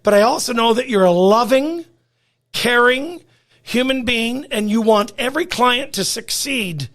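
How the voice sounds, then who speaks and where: A man's voice: very high voice, expressive, a little slow, a bit bright. A man, a dog trainer guesting on a podcast, telling stories bluntly and swearing freely. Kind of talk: casual chat.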